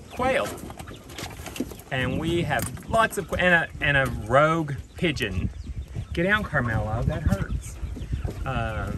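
A man giving a gentle, affectionate walking tour of his farm outdoors, filmed on a handheld camera. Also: medium pitch, very noisy. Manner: gentle, affectionate, talks to trees and animals. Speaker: vlogger touring his farm. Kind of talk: casual walking tour vlog.

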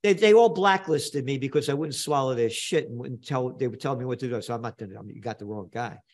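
A blunt older man from New York talks fast in a mid-range voice. Appearing as a guest in an interview, he tells stories animatedly, emphatically repeating phrases for effect.

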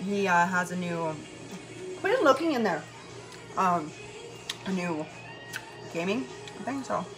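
Tired, rambling woman vlogger over music. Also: on the low side. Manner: chatty, profane, meandering, often laughing. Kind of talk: rambling casual monologue. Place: her bedroom at home. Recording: music loud in the background. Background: music playing.

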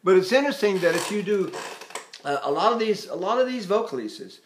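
A man's voice: high voice, big pitch swings, fairly quick, a little hiss or hum. An older man teaching singing in a chatty, self-mocking way, breaking into sung vowel demonstrations. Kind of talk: spoken vocal lesson with sung demonstrations.

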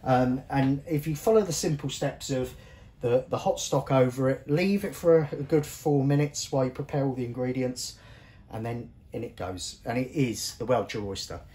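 A man's voice: mid-range voice, normal speed, mellow. A man hosting a cooking show, chatting casually as he walks viewers through each step of a recipe in a kitchen. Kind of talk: cooking demonstration.

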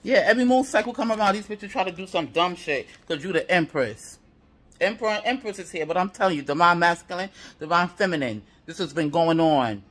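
A man's voice: sits high, lively intonation, brisk, fairly bright tone. A man giving a tarot reading to viewers, heated and profane, piling up repeated affirmations. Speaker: tarot reader.

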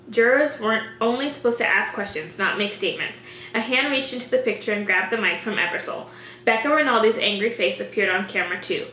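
A woman reading a novel aloud in a steady, clear storytelling manner. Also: mid-range voice, fast talker. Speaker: reader. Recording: echoey room with faint hum.

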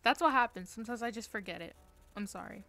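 A woman's voice: medium pitch, quick pace, pushed and bright. A woman streaming a game from her bedroom, chatting playfully with mock-dramatic pleading and jokes. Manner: playful, melodramatic pleading and joking. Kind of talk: live gameplay stream chat.

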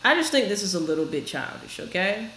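A woman's voice: medium pitch, big pitch swings, a little fast, a bit bright. A woman hosting a reaction video, giving frank, chatty commentary straight to her viewers. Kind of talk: casual commentary. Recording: echoey room with faint noise.

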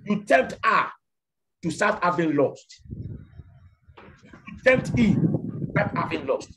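A man's voice: high-pitched, very animated, takes it slowly, heavy background noise. A man preaching a fiery sermon, repeating lines and firing off rhetorical questions.

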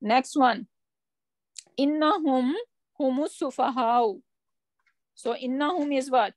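A woman with a high voice teaches a grammar lesson, explaining patiently and asking her students questions as she goes. Her speech comes through dry and close, with no room sound around it. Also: slow pace, no room sound. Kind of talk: online class lesson.

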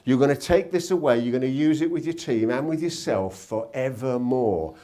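A man's voice: medium pitch, moderate pace. A man giving a motivational seminar talk in a hotel conference room, telling anecdotes and asking tag questions. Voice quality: animated storyteller, asks tag questions. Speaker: seminar speaker.

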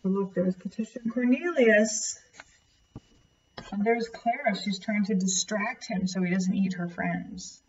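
A woman reads a children's picture book aloud, pausing to gently explain the pictures in a mid-range voice. The recording is slightly muffled, with a faint hiss in the background. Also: mid-range voice, far from the mic. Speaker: storyteller.

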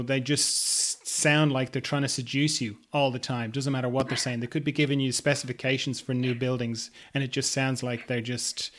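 A man hosting an interview podcast, talking in a loose, hesitant way with gentle humor. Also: medium pitch. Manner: rambling with many ums and hesitations, gently humorous. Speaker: podcast host. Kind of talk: casual interview chat.

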